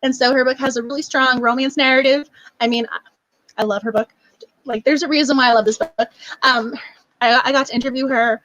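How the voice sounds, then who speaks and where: A woman's voice: high voice, steady tone, a little fast, a bit bright, poor audio. A young woman hosting a book club live stream, chatting casually and gushing, with many laughs and fillers.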